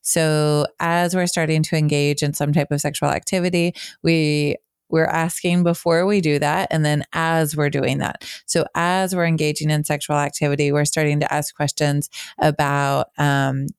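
A woman's voice: deep voice, flat delivery, normal speed, clean tone, no room sound, studio quality. A woman co-hosting a podcast, explaining in an earnest, casual way with frequent fillers. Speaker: podcast co-host. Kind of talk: casual educational chat.

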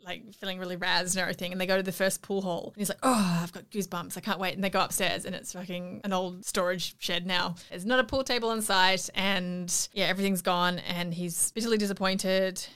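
Bright, chatty woman retelling a film. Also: lowish voice, fairly quick, hardly any pauses, clean tone. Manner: animated retelling with acted-out quotes and frequent fillers; laughs often, swears casually. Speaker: podcast co-host. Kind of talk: casual chat recapping a film.

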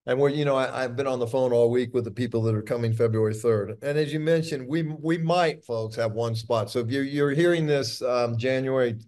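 A man's voice: mid-range voice, a little fast, hardly any pauses, darkish tone. A man as a podcast guest, talking in a friendly, upbeat way and restarting phrases as he promotes an upcoming retreat. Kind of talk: casual chat.

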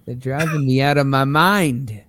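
A man's voice: mid-range voice, unhurried, fairly bright tone. A man hosting a casual talk show, teasing and joking with his guests. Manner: jokey, teasing, laughs a lot. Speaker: host. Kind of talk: casual banter.

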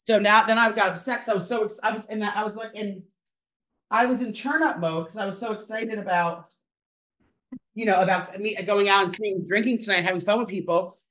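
Podcast co-host, male, rapid rambling storyteller with a bright edge. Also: high-pitched, steady tone. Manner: rambling storyteller, fast and chatty. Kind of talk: casual chat. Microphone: home microphone.

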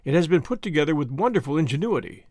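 A man voicing a grave, formal general who speaks deliberately. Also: on the high side, lively intonation, darkish tone, no echo, clean studio sound, close to an everyday voice. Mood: stern. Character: stern, measured male general, middle-aged.

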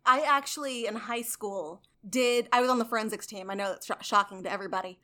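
A woman's voice: a little high, fast, bright, forceful tone. A woman co-hosting a podcast, chatty and asking questions, saying "like" a lot. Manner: chatty, asks questions, fills with "like". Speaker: podcast co-host. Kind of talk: casual podcast chat.

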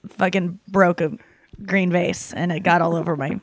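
A woman's voice: on the low side, steady tone, normal speed, noisy background. A young woman hosting a podcast, chatting casually with friends, rambling and explaining things with lots of fillers and the odd swear word. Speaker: podcast host. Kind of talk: casual chat.

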